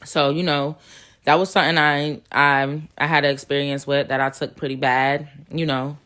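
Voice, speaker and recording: A woman's voice: sits low, level tone, normal speed, a bit bright. A young woman in her twenties, rambling and earnest, shares personal spiritual stories in a casual vlog. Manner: rambling, earnest storytelling with restarts and emotional swells. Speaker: spiritual vlogger. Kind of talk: casual personal testimony to camera.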